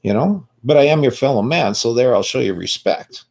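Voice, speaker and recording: A man's voice: medium pitch, animated, fairly quick, vocal fry, a little mellow, slightly rough. A man in his sixties from Canada, talking bluntly and profanely in a rambling casual monologue.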